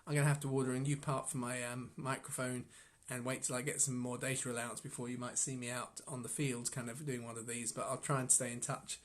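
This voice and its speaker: A man sharing an informal devotional reflection on scripture as a Bible teacher. He muses aloud and keeps stopping to restart his sentences, breaking off with soft chuckles. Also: mid-range voice, flat delivery. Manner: musing, halting, with frequent restarts and soft chuckles.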